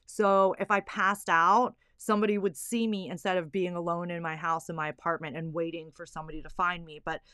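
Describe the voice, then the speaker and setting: A woman's voice: lowish voice, little pitch movement, a little fast, few pauses, fairly bright tone, clean tone, dry recording, studio quality. A young woman, a stay-at-home mom, candidly telling a personal story with lots of fillers. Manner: candid, emotional, filler-heavy.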